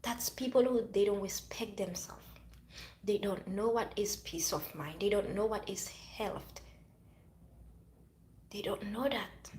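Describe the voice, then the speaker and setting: A woman's voice: mid-range voice, slow, pauses often, darkish tone, roomy sound. A woman from Haiti talking to camera about her past relationship, emphatic and preachy, often repeating herself. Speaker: vlogger. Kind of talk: personal talk to camera.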